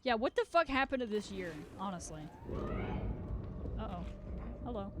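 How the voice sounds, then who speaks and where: Excitable young streamer yelping over game noise. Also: mid-range voice, normal speed, long pauses. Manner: excitable, chatty, swears, yelps at scares. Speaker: livestreamer playing a horror game. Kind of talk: casual live gameplay chat. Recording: loud game sounds under the voice.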